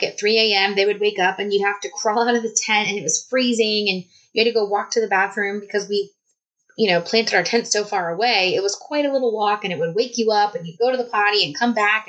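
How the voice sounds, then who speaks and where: A woman, telling a personal story in a casual, animated vlog style. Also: mid-range voice, fast, poor audio. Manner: chatty, animated, many "like"s. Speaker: vlogger.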